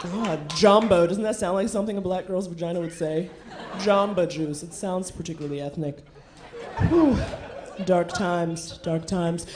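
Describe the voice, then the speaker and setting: A woman doing a stand-up comedy set on a club stage, brash and animated, swearing freely. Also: on the low side, moderate pace, noisy background.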